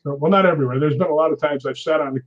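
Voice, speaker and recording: Speaking rapid-fire in a fairly high voice, a man casually shares a ghost-hunting tale as a guest storyteller. He's animated, acts out others' quotes, and laughs frequently. The audio sounds dull and lo-fi.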